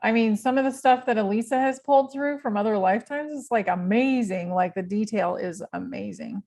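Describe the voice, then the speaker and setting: A woman's voice: fairly high pitch, a little fast, a little mellow. A woman chatting casually and praising what her friends share. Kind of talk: casual chat.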